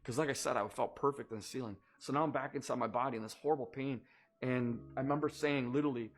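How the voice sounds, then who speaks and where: A man recounts a deeply personal experience in an earnest, measured testimony. His voice sits at an ordinary middle pitch, and he often pauses to find the right words. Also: fairly even intonation. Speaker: storyteller recounting a personal near-death experience.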